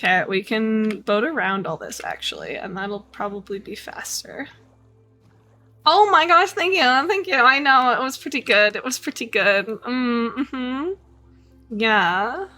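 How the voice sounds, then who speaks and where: A woman streaming a game talks casually to her chat, her sarcasm landing in a slow, drawn-out delivery. Her voice sits a little high and sounds bright and forward, with faint game music underneath. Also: animated. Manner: sarcastic, mock-bored asides to chat. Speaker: live streamer. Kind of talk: casual livestream chat while gaming.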